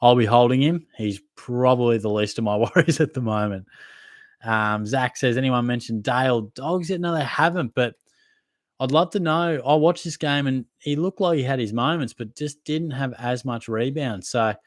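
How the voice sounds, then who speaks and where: A man's voice: medium pitch, normal speed, no room sound. Casual Australian man answering questions. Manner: casual, matey, conversational, hedging fillers. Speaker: fantasy football podcast host. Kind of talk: live Q&A, reading and answering viewer questions.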